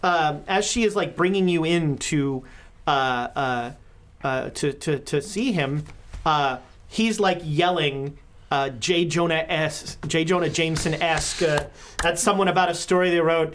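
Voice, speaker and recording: Female game master, lower voice, meandering halting narration.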